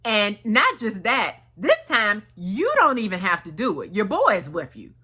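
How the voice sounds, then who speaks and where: A woman preacher tells a story in her sermon, acting out the dialogue in casual slang. Her bright voice rises and falls in a lively way. She speaks slowly and unhurriedly. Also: medium pitch, breathy edge.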